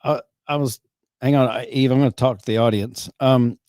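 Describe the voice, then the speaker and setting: Brief: middle-aged male host, mellow tone, dry close sound, rambling and halting. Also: medium pitch, steady tone, no room sound. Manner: rambling, halting, self-correcting. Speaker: podcast host. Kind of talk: casual chat.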